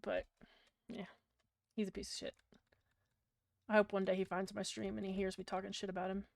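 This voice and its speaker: A woman's voice: mid-range voice, flat delivery, fairly quick, vocal fry, darkish tone, dry recording. A woman with a British accent, chatting casually and bluntly with her livestream viewers, rambling and swearing freely. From Britain. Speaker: streamer.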